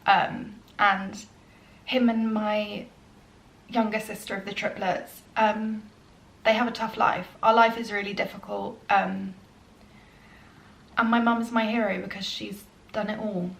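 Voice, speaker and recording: A young adult woman talking casually through a get-to-know-me Q&A, earnest and chatty with frequent ums, sometimes soft and emotional. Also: medium pitch, flat delivery, a little slow, creaky, pauses often, reverberant. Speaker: vlogger.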